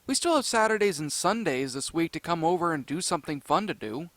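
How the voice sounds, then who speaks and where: A man's voice: a little high, animated, fairly quick, a bit bright, dry recording. A man doing a friendly, easygoing cartoon boy. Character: friendly, easygoing young male cartoon character.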